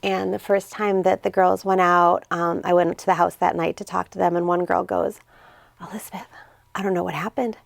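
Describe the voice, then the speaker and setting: A woman's voice: lowish voice, fairly quick, gravelly, no room sound. A woman, a nonprofit founder, talking earnestly and with feeling in a casual interview, acting out what others said. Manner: earnest and emotional, quotes others in lively voices. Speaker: nonprofit founder and CEO, guest.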